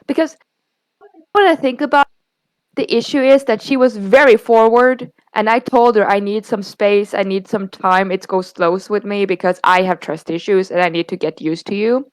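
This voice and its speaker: Smooth-voiced young woman telling a story. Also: medium pitch, moderate pace, no echo, low-quality recording. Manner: candid, retelling a bad date with quoted dialogue. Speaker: podcast co-host. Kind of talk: casual storytelling.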